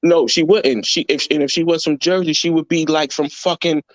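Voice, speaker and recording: A man's voice: a little high, fairly even intonation, normal speed. A man hosting a casual reaction chat, talking in a blunt, heated way full of swearing. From New York. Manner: blunt, heated, profanity-laced ranting. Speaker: host.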